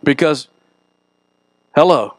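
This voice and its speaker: A man's voice: fairly high pitch, lively intonation, slow pace, no echo. A middle-aged man preaching a sermon in a church, folksy and joking as he tells stories. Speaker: pastor. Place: church sanctuary.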